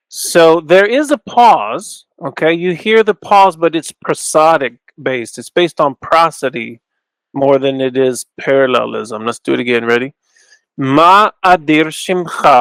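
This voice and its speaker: Gravelly-voiced man teaching in a dry room. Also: medium pitch, fairly bright tone, no echo, poor audio. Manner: thinking aloud, restarts, slows to stress terms. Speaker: Bible scholar teaching. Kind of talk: informal lecture with Hebrew recitation.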